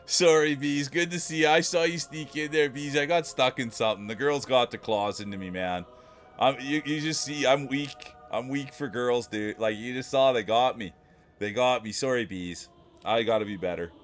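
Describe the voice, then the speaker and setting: A man's voice: medium pitch, normal speed, soft background music. A man livestreaming, talking casually and playfully with his chat, laughing often.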